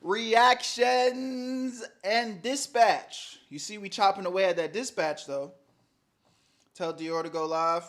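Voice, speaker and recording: A young male streamer, his voice a bit higher than most men's, chats slowly and casually on a livestream. He trades loose jokes with viewers, swinging between loud shout-outs and mumbled asides.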